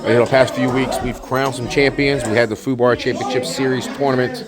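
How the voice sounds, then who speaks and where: A man's voice: medium pitch, little pitch movement, fairly quick. A man doing joking play-by-play commentary for a wrestling match, his voice jumping up sharply at the big moves. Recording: loud crowd and music behind.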